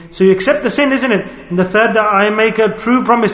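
A man's voice: sits high, fast talker, few pauses, a bit bright. A man preaching a sermon, emphatic, repeating key words and asking the listeners rhetorical questions. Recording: echoey hall with long reverb.

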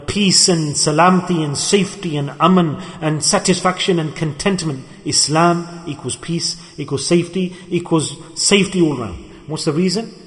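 A man preaching a sermon, animated and lively, acting out the people he quotes and mixing religious terms into his talk. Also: fairly high pitch, long reverb tail. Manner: animated, acts out quoted people, mixes Arabic and Urdu terms.

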